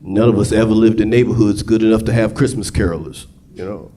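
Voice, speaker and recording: A man performing a loud, profane live stand-up set on a club stage, jumping into shouted high voices for his characters. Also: fast talker, slight background noise. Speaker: stand-up comedian. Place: comedy club stage before a laughing crowd. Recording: live club room with crowd. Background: audience laughter.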